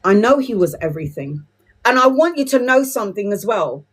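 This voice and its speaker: A husky, sing-song voice at medium pitch and a slightly fast pace belongs to a woman giving a live tarot reading. She's blunt, emotional, and swears a lot, while calling viewers "my love" and "sweetheart."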